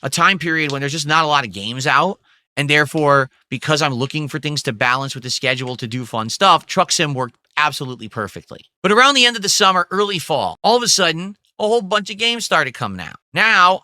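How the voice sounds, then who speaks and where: A man speaks to his stream viewers in an earnest, explanatory way. His voice is very bright and slightly high, and the sound is dry and close. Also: expressive, a little fast, no room sound. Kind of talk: stream talk.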